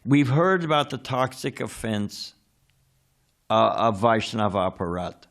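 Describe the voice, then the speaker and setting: A man's voice: on the low side, animated, measured pace, a bit bright. A man giving a scripture class in a temple, talking conversationally, asking his listeners questions and sometimes searching for words. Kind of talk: sermon. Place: temple hall.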